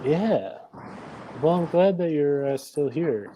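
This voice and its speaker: A man hosting a casual chat show over a video call, easygoing and quick to laugh. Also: fairly high pitch, animated, mellow, slight background noise, rough recording. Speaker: show host.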